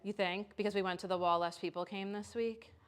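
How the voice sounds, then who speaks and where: A woman teaching a live yoga class in a studio, giving calm step-by-step cues with casual asides. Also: medium pitch, a little fast, soft background music. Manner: calm cueing with chanted Sanskrit and casual asides.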